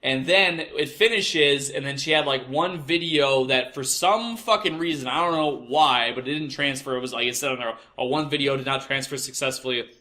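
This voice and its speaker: A man's voice: fairly high pitch, moderate pace, hardly any pauses, pushed and bright. A young man telling a crude work story, exasperated and swearing constantly. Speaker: podcast host. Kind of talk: profane storytelling rant.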